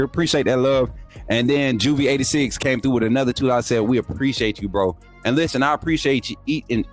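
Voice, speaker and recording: A young man, hosting a sports livestream, reading super chats and teasing viewers in energetic, laughing banter. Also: mid-range voice. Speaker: YouTube sports show host.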